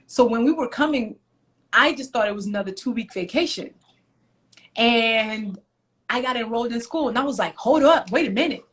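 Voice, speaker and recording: A Nigerian woman joins a casual live video chat as a guest, speaking at normal speed in a fairly high, fairly bright voice and pausing often. She shares personal stories, animatedly acting out things she once said, all captured over a video call.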